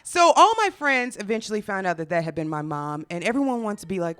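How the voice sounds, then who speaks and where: Young woman from chicago doing a comedy story, swears a lot, lively, does all the voices. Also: high voice, a little fast, hardly any pauses. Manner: profane, animated, acts out quotes.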